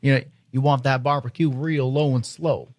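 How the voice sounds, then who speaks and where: A male podcast co-host with a mid-range voice, talking in a relaxed, unhurried way with little hesitations. His voice sounds dry and close, with no room echo at all. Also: mid-range voice. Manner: relaxed and easygoing, with filler "uh"s. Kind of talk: casual podcast chat.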